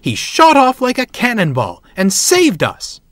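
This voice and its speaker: A man voicing a crowd of grateful passengers who shout in high, elated voices. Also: wildly swooping pitch, a little slow, dry recording, heavily acted.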